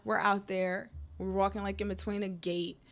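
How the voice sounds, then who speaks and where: A woman's voice: mid-range voice, level tone, moderate pace, gravelly, fairly bright tone. A woman guest telling her personal story frankly and animatedly, often laughing between lines.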